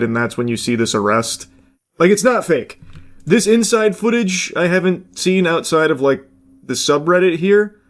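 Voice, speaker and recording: A man giving casual, rambling commentary as he reacts to a video clip. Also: mid-range voice. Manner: rambling, self-correcting narration.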